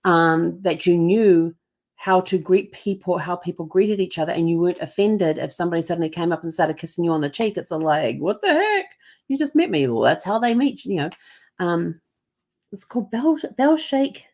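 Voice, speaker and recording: Chatty woman host, lowish voice. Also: moderate pace, a little mellow. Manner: chatty, rambling with fillers. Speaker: channel host. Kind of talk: casual talk to camera.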